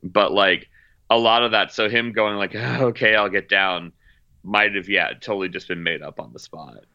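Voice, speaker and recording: Man, very low voice, bright and forceful, casual rambling chat, dry close sound. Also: normal speed, dry recording, muffled recording. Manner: rambling, lots of fillers and restarts.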